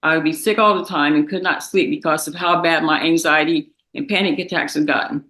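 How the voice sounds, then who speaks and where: A young woman, a victim's daughter, reading a victim impact statement in a courtroom, halting and tearful. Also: sits low, steady tone, a bit bright, reverberant, rough recording. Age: young adult.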